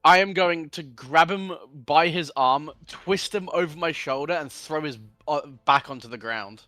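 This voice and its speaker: A man's voice: on the high side, normal speed, pushed and bright, dry recording, studio quality, soft background music. A man playing a tabletop game, talking casually and a little hesitantly. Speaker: player.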